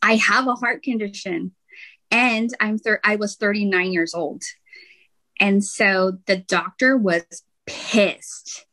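A woman of middling pitch speaks as a podcast guest, telling a personal story in long, candid runs. Her delivery is animated and open, neither high nor low in tone. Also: slow pace, rough recording. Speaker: guest, intuitive healer.

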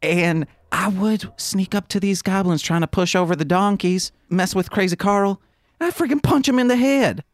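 Joking man, higher voice. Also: normal speed, dry recording. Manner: joking, rambling storytelling. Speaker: player. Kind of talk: tabletop game play, casual.

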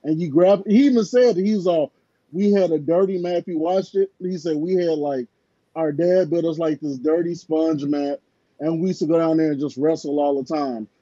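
A man's voice: on the high side, moderate pace, warm tone, dry recording, lo-fi sound. A man co-hosting a sports podcast, chatting casually and telling rambling stories packed with filler words.

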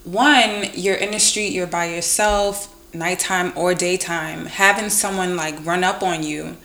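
A woman's voice: fairly low pitch, fairly even intonation, a little slow, fairly bright tone. A woman in a casual chat, telling stories in an emphatic, indignant way.

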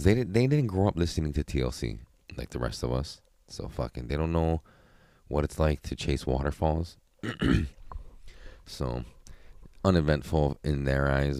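Very deep-voiced swearing podcast man. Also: unhurried, pauses often, darkish tone, dry recording, clean studio sound. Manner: rambling, constant profanity. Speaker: podcast host. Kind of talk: solo podcast chat.

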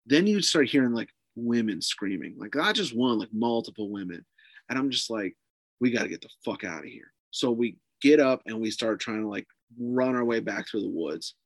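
Man, podcast guest, profane animated storytelling, dry close sound. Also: medium pitch, normal speed, dry recording. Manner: profane, animated, lots of fillers. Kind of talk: casual storytelling.

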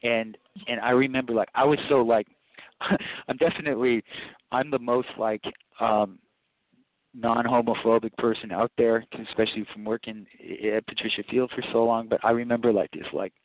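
A man's voice: medium pitch, fairly even intonation, normal speed, no echo. A man being interviewed as a filmmaker, telling long rambling stories with laughs and acted-out quotes. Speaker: filmmaker guest. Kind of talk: casual interview storytelling. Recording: dry, tinny phone-line sound.

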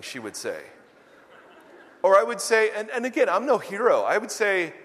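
A man's voice: high-pitched, normal speed, long pauses. A middle-aged male pastor preaching a sermon, telling self-deprecating stories and acting out quotes. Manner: animated, self-deprecating storytelling with acted quotes. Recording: long hall reverb.

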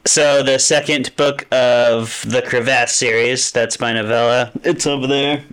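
A man co-hosting a podcast speaks at an average pitch in a casual, relaxed way. He explains things eagerly and laughs easily. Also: unhurried, smooth. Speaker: podcast co-host. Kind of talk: casual chat.

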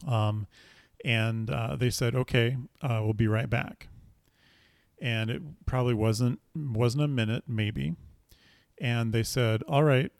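A man's voice: mid-range voice, vocal fry, a little mellow, no room sound. A man telling a personal story in a casual, rambling way, with many fillers and restarts.

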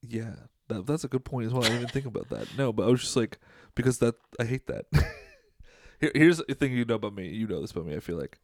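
A man's voice: mid-range voice, lively intonation, fast, noisy background. A young man co-hosting a podcast in casual chat, rambling and joking as he jumps from topic to topic. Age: young adult. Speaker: podcast co-host.

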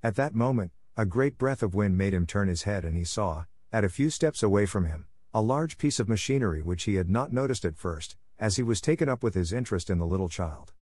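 A man reading a classic children's story aloud as narrator, in a measured, even storytelling manner. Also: lowish voice, dry recording, clean studio sound. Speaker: audiobook narrator. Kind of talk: storybook reading for English listening practice.

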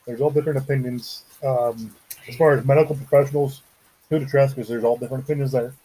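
Husky easygoing man. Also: medium pitch, fairly even intonation, quick pace, warm tone, rough recording. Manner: easygoing, agreeable, wry. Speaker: podcast co-host. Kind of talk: casual chat.

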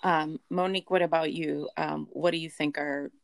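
A woman's voice: low-pitched, fairly even intonation, moderate pace, gravelly, no room sound. A woman hosting an interview, affirming and encouraging her guests. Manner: affirming, encouraging, frequent agreement. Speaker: host.

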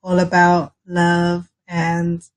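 A woman's voice: on the low side, monotone, drawn-out words. A woman hosting a podcast in a loose, upbeat, chatty way. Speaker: podcast host. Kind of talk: casual podcast chat.

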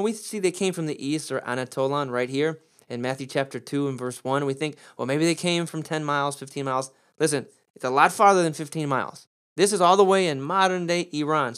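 Animated preaching man on a podcast. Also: fairly high pitch. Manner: animated preacher, rising emphasis on key words. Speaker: pastor. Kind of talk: podcast Bible teaching.

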